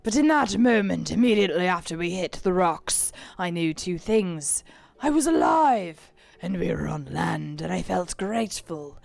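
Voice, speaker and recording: A woman voicing a grim, determined male sea captain, reading his log aloud in a slow, gruff put-on voice. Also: lowish voice, expressive, darkish tone, dry recording, voice pushed down.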